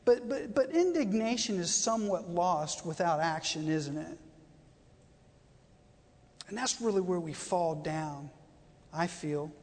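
A guest preacher gives a conversational sermon, often repeating phrases and asking the congregation questions. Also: medium pitch. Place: church sanctuary. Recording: long reverb of a church hall.

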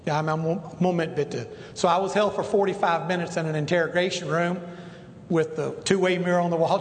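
A middle-aged male pastor telling rambling stories in a sermon, full of restarts and asides. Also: fairly high pitch. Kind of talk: sermon storytelling. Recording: echoey hall with long reverb, faint noise.

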